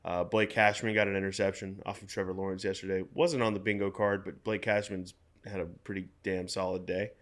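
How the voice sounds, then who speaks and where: A man's voice: low-pitched, little pitch movement, fairly quick, fairly bright tone. Young man rattling off football stats. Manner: runs through stats, hesitant fillers. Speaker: podcast co-host. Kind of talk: casual sports chat.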